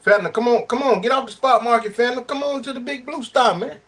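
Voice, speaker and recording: A man doing an impression of a hyped-up male trucking streamer, calling out in a high, sing-song way. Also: fast talker, a bit bright. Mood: teasing.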